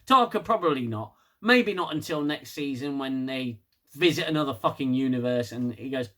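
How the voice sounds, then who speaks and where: A man's voice: fairly high pitch, moderate pace, sharp tone. A man giving a casual, sarcastic, sweary solo review of a TV episode.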